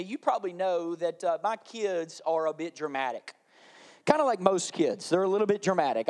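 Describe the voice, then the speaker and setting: A man in his thirties preaching a sermon, telling animated family stories and acting out his children's lines. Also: high voice. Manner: animated storytelling, acting out his kids' voices. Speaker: pastor.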